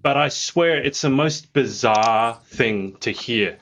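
A man's voice: mid-range voice, slow pace, a bit bright, muffled recording. A chatty man co-hosting a casual podcast, joking and rambling with restarts. His voice sits in an ordinary middle register. Faint clicking noise runs under the recording. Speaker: podcast co-host. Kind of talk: casual chat.

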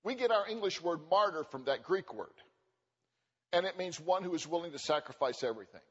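A man preaching a sermon at a church conference, animated and joking, acting out quoted voices. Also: a little high. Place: church sanctuary. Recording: dull recording with long hall reverb.

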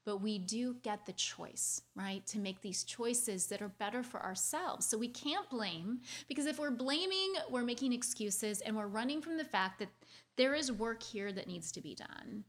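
A woman sharing a painful childhood story with her audience in an earnest, confiding way, talking quickly and restarting her phrases as she speaks. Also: a little high, lively intonation. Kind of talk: heartfelt personal storytelling.

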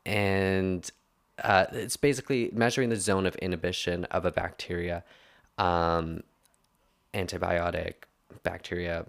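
A man's voice: deep voice, creaky, fairly bright tone. Rambling young man ranting on a podcast. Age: young adult. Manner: rambling, heavy filler words, self-correcting. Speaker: podcast host. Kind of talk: casual podcast rant.

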